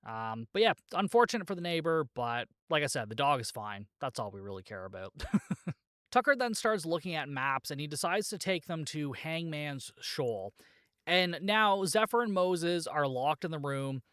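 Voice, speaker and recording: The man's voice is fairly high, smooth and a bit bright, with lively intonation and a slightly slow pace, captured in a dry, studio-quality recording. Hosting a podcast, he rambles through a movie plot with lots of fillers and "like," laughing at his own jokes.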